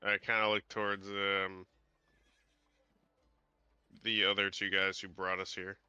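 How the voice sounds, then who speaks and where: A man playing a tabletop game, speaking in a terse, low-key, mumbling way over a dull lo-fi mic. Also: little pitch movement, measured pace, pushed and bright, smooth, no room sound. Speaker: player. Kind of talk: casual tabletop play.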